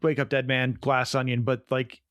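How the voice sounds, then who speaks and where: A man's voice: medium pitch, flat delivery, normal speed, fairly bright tone, no room sound, clean studio sound. A young adult man co-hosting a podcast, reviewing a film in casual, rambling chat full of "like". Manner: rambling, enthusiastic, many "like"s. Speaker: podcast co-host.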